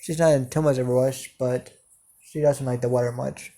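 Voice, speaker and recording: A man's voice: medium pitch, steady tone, normal speed, dark tone. A man narrating an improvised fan story, hesitant and full of fillers.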